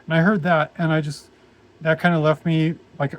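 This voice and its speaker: A young man telling a personal story in a casual vlog, rambling and halting with many restarts. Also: fairly high pitch, little pitch movement. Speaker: vlogger.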